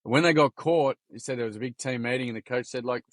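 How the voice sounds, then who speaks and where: Australian man, forties, blunt and salty, mid-pitched, dry close sound. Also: fast talker, dry recording. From Gold Coast, Queensland, Australia. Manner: blunt, swears freely, heavy on mate and like. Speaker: podcast guest. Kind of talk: candid conversational storytelling.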